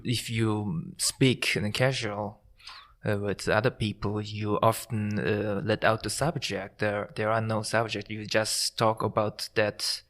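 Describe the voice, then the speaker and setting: Male guest, Korean native speaker, lowish flat delivery, nervous, halting answers. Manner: hesitant, halting second-language speech. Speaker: course participant, guest. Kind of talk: casual interview.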